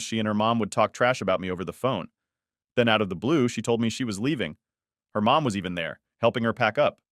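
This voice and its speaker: A man narrating first-person stories in an even, unhurried storytelling read. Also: fairly low pitch, dry recording, studio quality. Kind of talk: scripted narration.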